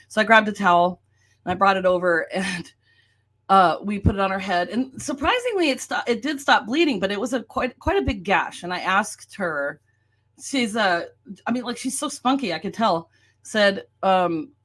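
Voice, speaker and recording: A woman talks through photos and tells a story in a casual, chatty way. She is animated and laughs often. Her voice sits at a middle pitch. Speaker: vlogger telling a story.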